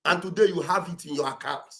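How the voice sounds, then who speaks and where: A fast-talking Nigerian livestream commentator with vocal fry and a booming, high voice uses Pidgin-flavored English to stir up listeners. His impassioned address is loud and preachy, building to shouted exhortations like a pulpit preacher, picked up by a streaming setup mic.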